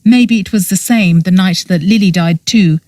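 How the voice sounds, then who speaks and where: A woman's voice: fairly low pitch, moderate pace, a little mellow, dry recording, far from the mic, close to an everyday voice. A woman reading an audiobook, voicing a young man who speaks bluntly and accusingly. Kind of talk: audiobook character voice.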